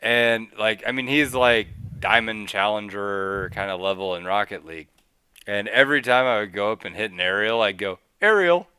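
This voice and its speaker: A man hosting a casual gaming podcast, explaining things in an animated way and acting out his own thoughts in quick little voices. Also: lowish voice, clean tone, no room sound. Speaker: podcast host.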